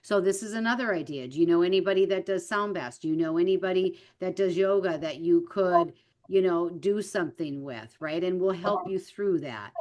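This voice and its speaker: A woman's voice: lowish voice, normal speed, darkish tone. A woman co-teaching an online class, encouraging, walking through upcoming events and often asking "right?". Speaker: direct sales mentor. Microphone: video call.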